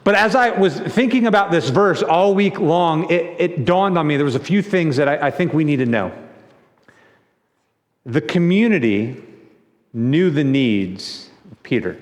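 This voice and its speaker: Male pastor, sermon delivery, conversational and animated, high pitch, reverberant sanctuary. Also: a little slow. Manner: animated storytelling with acted-out quotes; conversational, repeats words. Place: church sanctuary. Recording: long church reverb.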